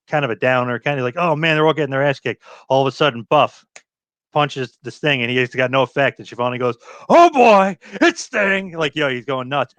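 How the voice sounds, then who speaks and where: Excitable male podcast host, dry sound. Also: medium pitch, dry recording. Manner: excited storytelling, acts out quotes loudly. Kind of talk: casual chat.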